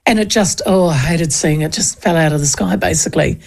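A woman's voice: low-pitched, fairly quick, creaky, a little mellow. A middle-aged New Zealand woman hosting talkback radio, chatting casually, reading out listener messages and telling cheeky stories.

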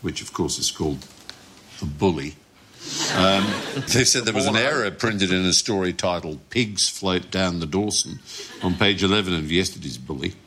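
A man's voice: sits low, moderate pace, bright, forceful tone, slight background noise. A man on a panel show telling comic anecdotes, articulate and playful.

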